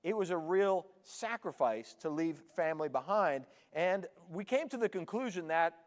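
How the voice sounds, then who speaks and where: A Canadian-born pastor in his forties gives a light, joking sermon in a high, bright voice. His words ring out with a long reverb through a big church hall. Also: animated, moderate pace. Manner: chatty, joking with the congregation. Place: church sanctuary.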